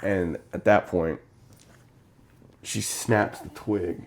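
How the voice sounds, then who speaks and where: A man's voice: sits low, fairly even intonation, very slow, vocal fry. A young man co-hosting a casual movie review, rambling through the plot with lots of fillers and acting out the characters' lines. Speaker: co-host of a movie review show. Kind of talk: casual chat retelling a film.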